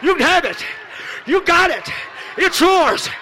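A man preaching a Pentecostal sermon, moving from shouted calls to hushed storytelling, repeating phrases and speaking in tongues. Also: lively intonation, a little slow, slight background noise. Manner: swings from shouted exhortation to low hushed storytelling. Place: church service.

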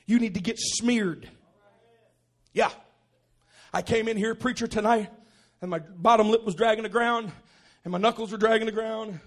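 A pastor preaching a sermon in a church, moving from quiet teaching to loud, shouted exhortation. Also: male voice, sits high, fairly even intonation, normal speed. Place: church auditorium.

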